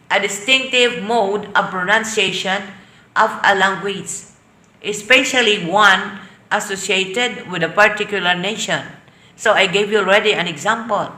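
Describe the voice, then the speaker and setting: A woman with a Filipino accent teaching an online English class, defining terms slowly and then explaining them. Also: mid-range voice, sharp tone, reverberant. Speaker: lecturer.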